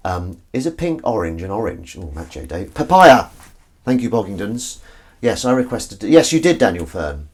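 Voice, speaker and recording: This livestream host washes up at his home kitchen sink, reading out viewers' comments and chatting in a rambling, self-deprecating style over the clatter of dishes and cutlery. He speaks on the low side with a sing-song, darkish tone at a moderate pace.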